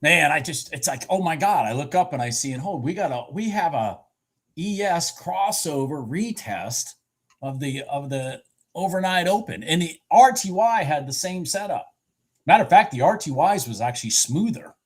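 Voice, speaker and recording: A man giving excited live commentary on futures trades, exclaiming and repeating himself, with a husky voice. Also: fairly high pitch, moderate pace.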